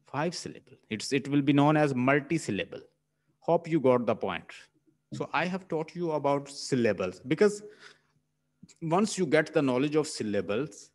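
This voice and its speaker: A man with a Pakistani English accent teaching a linguistics lesson, repeating points and sounding out words syllable by syllable. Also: medium pitch. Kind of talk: classroom lecture.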